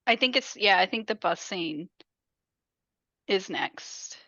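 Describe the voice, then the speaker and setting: A woman's voice: medium pitch, animated, slow pace, bright, forceful tone, dry recording, muffled recording. A woman co-hosting a podcast in casual chat, chiming in with details and laughs while discussing a movie. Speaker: podcast co-host.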